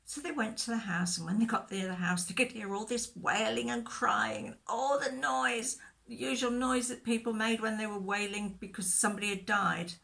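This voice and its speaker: Woman, children's Bible storytelling, gentle, expressive, asks questions, video recording. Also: fairly high pitch, moderate pace, vocal fry. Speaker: children's church leader.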